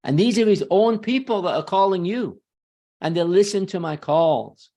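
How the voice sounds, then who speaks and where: A man who is a real estate sales trainer, talking as a webinar guest in a confident, emphatic way with quick self-corrections. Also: high-pitched, expressive, mellow.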